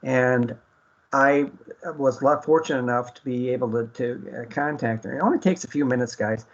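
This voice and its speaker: A man's voice: medium pitch, moderate pace, highs cut off. A man hosting an internet radio talk show, speaking earnestly with many fillers and restarts.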